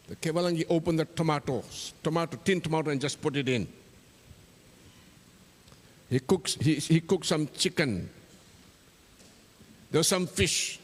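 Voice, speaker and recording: A man's voice: fairly high pitch, unhurried, long pauses, in a large hall. A man, a pastor telling a children's story in church and voicing its characters. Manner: gentle storytelling with voiced characters.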